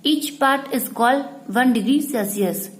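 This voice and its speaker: A woman teacher, explaining a lesson to students slowly and repeating each point. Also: on the high side, rough recording. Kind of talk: slow classroom explanation.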